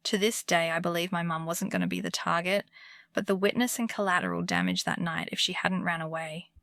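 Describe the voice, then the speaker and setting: A woman narrating true scary stories for bedtime in a calm, comforting scripted delivery. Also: fairly low pitch, brisk, gravelly. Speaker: horror story narrator.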